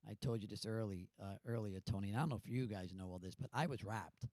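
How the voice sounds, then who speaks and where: A man's voice: fairly low pitch, fast, no room sound. Man telling a story on a panel. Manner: storytelling, animated, does put-on voices. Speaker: actor on a panel. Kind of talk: anecdote at a panel. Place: stage at a symposium.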